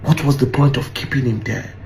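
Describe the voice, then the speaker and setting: A man's voice: medium pitch, steady tone, fairly quick, a little mellow. A man making an impassioned, pleading appeal full of rhetorical questions. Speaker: commentator. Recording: faint background noise.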